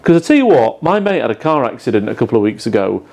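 Blunt man with a mellow voice. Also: medium pitch, sing-song, quick pace, gravelly. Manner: blunt, opinionated, swears casually. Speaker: podcast co-host. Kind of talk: casual chat about sales.

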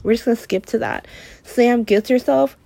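A woman's voice: a little high, normal speed, creaky, warm tone, no echo. A woman hosting a podcast, recapping a soap opera in a sassy, emphatic way and repeating her key lines for effect. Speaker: podcast host.

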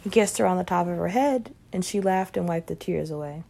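A woman reading a short story aloud, her voice low and noticeably gravelly with vocal fry. She keeps a calm, even narrating pace throughout. The delivery is unhurried and steady. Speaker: reader.

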